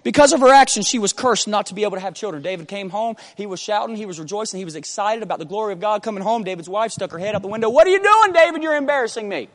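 A man preaching a sermon with passion, often building from a hushed tone to shouting and using repeated rhetorical questions. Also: sits high, racing, hardly any pauses. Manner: impassioned, rises to shouting.

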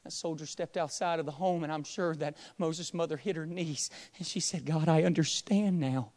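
A young man preaching a sermon in a church, swinging from hushed, quiet passages to loud, impassioned pleading. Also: fairly high pitch, normal speed. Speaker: pastor. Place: church sanctuary.

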